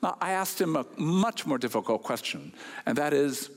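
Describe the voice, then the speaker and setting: A man delivers a story with a lesson to a gathered audience, his voice riding up and down in lively swings. He sits a touch higher than most men and sounds wry, throwing out rhetorical questions. A long hall reverb trails each phrase. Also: moderate pace. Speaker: speaker addressing an audience. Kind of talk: storytelling talk with a moral.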